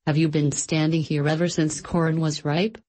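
A woman reading aloud, voicing an old male Santa Claus who speaks in a slow, commanding and hearty way. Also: deep voice, little pitch movement, warm tone, close to an everyday voice. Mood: questioning.

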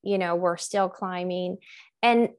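Animated woman podcast host in her fifties. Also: lowish voice, takes it slowly, clean tone. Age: 50s. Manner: animated storytelling, laughs often. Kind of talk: conversational interview.

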